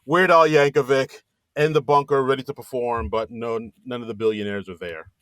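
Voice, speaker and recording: A man's voice: normal speed, smooth, dry recording. A man co-hosting a podcast, casually recapping a movie and acting out bits of dialogue. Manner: animated retelling, acts out lines in a high voice. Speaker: podcast co-host.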